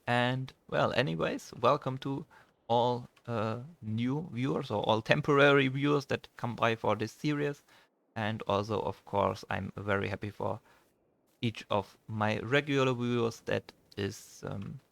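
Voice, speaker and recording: A young man with a German accent, a native German speaker hosting a farming game let's play in casual commentary, often pausing and searching for words. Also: mid-range voice, vocal fry, a bit bright, no room sound.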